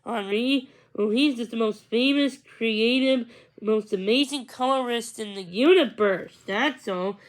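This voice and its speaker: A woman's voice: fairly high pitch, unhurried, close to an everyday voice, rough recording. A gushing, dramatic young woman, as a woman reader puts her on. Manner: breathless and emphatic, stacking superlatives.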